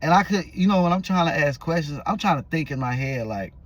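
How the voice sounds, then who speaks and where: A man's voice: fairly high pitch, lively intonation, quick pace, a bit bright, no room sound. Man rambling through a casual story. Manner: loose, rambling, with restarts and fillers. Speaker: vlogger.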